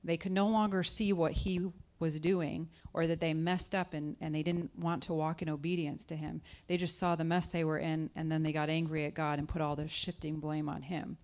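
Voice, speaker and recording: This woman, a guest speaker, has a flat, darkish delivery at a moderate pace with few pauses. Her conversational sermon includes questions to the audience and scripture voices acted out through pitch jumps.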